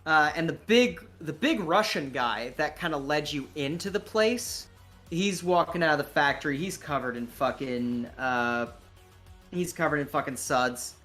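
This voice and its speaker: A game master narrating a tabletop session at an unhurried pace. The telling is casual and rambling, packed with swearing and fillers. Faint music sits in the background. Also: medium pitch, fairly bright tone.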